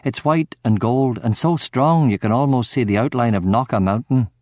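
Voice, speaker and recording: A man giving steady, measured first-person narration of a crime novel audiobook. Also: medium pitch, no echo, studio quality.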